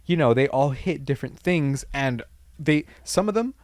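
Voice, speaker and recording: A man co-hosting a casual comedy podcast, retelling scenes in an animated way with lots of fillers and swearing. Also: mid-range voice, moderate pace, no echo, studio quality. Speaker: podcast co-host. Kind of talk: casual comedy review chat.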